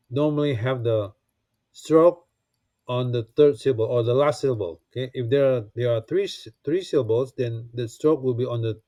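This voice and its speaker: A man's voice: mid-range voice, dark tone, dry recording. Guy teaching a textbook lesson, patient, keeps saying okay, dry close sound. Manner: patient, repeats words, checks in with "okay?"; frequent restarts and fillers while explaining. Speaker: language teacher.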